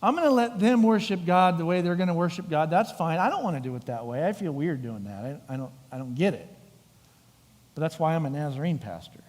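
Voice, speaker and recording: Animated pastor preaching in a reverberant church. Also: male voice, fairly high pitch, brisk. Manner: animated storytelling with acted-out voices. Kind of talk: sermon. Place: church sanctuary. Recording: long hall reverb.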